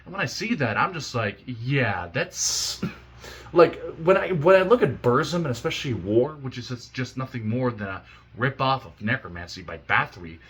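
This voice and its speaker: Heated, lively young man ranting. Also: medium pitch, a little fast, husky. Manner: heated, profane, rambling with restarts. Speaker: YouTuber ranting. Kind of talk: casual rant.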